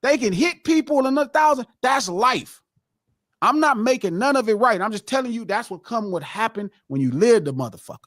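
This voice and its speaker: A man's voice: very high-pitched, lively intonation, fairly quick, fairly bright tone, no room sound, studio quality. Fired-up man ranting on a live podcast. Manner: impassioned, profane, lecturing. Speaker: podcast host. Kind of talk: heated live podcast rant.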